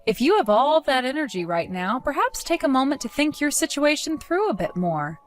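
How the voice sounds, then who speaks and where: Calm, coldly accusing woman. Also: high voice, moderate pace, soft background music. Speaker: wronged fiancée telling her side. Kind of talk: dramatized story dialogue.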